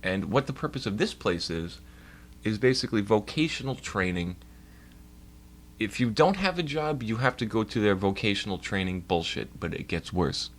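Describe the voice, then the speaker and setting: A man's voice: fairly low pitch, sing-song, normal speed. A young man streaming live from home at his computer, telling a long, profane, complaining story to his chat. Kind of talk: casual rambling rant to a stream chat.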